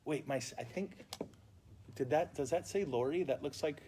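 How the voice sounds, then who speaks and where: A man's voice: on the high side, normal speed, slight background noise. A man who is a priest, telling funny stories in a casual catechesis talk with mock outrage. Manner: animated, comic storyteller with mock outrage. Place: indoors at a funeral home, live stream.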